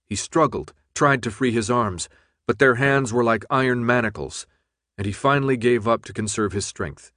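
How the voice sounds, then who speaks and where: A man narrating an audiobook in a steady, measured read. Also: medium pitch, no echo, studio quality. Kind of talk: scripted narration.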